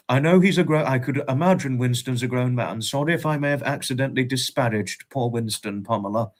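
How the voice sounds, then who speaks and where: A man's voice: medium pitch, moderate pace. Affectionate man chatting with viewers. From United Kingdom. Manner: affectionate, greets viewers as darling, chuckles often. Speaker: livestream host. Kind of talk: casual chat reading out viewer comments.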